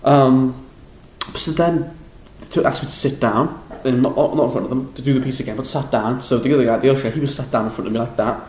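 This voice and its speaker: A young man with a Liverpool accent, recapping a drama school audition in a rambling, excitable, self-deprecating way with lots of restarts. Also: medium pitch, fast, echoey room, a little hiss or hum, low-quality recording. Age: young adult. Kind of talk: casual vlog recap.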